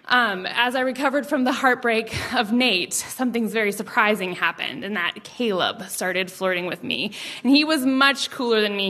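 Young woman, bright higher voice, animated, laughing, live personal storytelling.

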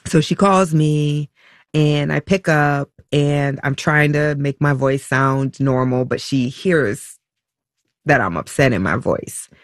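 A woman being interviewed, telling a personal story about her child in a halting, emotional way, full of restarts and fillers. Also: low voice, no echo, studio quality. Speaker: interview guest, mother.

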